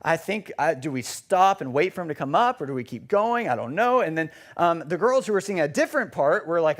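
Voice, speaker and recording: A young man with a fairly high voice tells a funny, self-deprecating story from the pulpit. He rambles through it with plenty of fillers, speaking in a church service. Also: big pitch swings, brisk, hardly any pauses, fairly bright tone. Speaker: preacher. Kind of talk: storytelling sermon. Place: church sanctuary.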